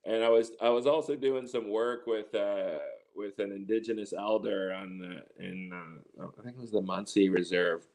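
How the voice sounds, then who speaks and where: A middle-aged man with a slightly low voice tells a long personal story as an interview guest. He rambles, restarts his sentences and slips into quoting what others said. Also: moderate pace, hardly any pauses, a little mellow. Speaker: interview guest, cannabis grower. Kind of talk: casual storytelling.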